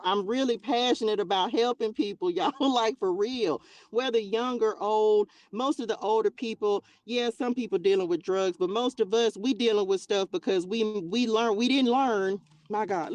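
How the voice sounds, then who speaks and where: A woman hosting a livestream, preaching in an emphatic, animated way, laughing often and firing off rhetorical questions. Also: mid-range voice, no room sound. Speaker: livestream host. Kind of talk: passionate preaching rant on a livestream.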